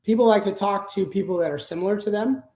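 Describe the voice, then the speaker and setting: A man's voice: high-pitched, fast, darkish tone. Echoey-sounding man explaining sales process. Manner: conversational, filler-heavy, explains step by step. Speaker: guest, sales manager. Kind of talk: casual interview talk.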